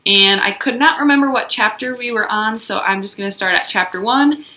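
Bright-voiced woman teacher reading aloud. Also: a little high, a little fast. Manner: gentle, expressive storytelling. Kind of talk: children's read-aloud.

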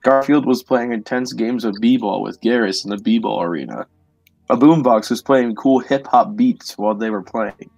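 Guy reading dumb fanfic totally deadpan, dry room, bit of music under. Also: mid-range voice, moderate pace, vocal fry, no echo, poor audio. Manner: flat, mock-serious delivery. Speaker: podcast host. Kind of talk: deadpan reading of a silly fan story.

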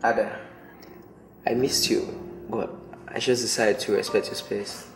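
A man playing a gentle boyfriend who speaks softly. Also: on the low side, level tone, unhurried. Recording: roomy, distant, music underneath.

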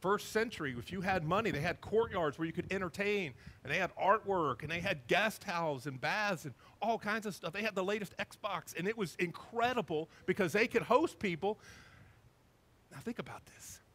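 A male pastor preaching a sermon in an animated, emphatic storytelling manner. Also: sits high, moderate pace, few pauses.

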